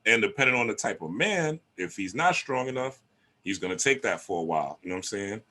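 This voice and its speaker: Animated man with a bright voice. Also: fairly low pitch, fast. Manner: animated, streetwise, lots of rhetorical "right?". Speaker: relationship talk host. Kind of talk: casual monologue.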